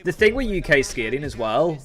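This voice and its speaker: A man's voice: fairly high pitch, sing-song, fairly quick. A young Irish man hosting a live stream, chatting casually and rambling as he answers viewers' comments. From Ireland. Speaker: livestream host.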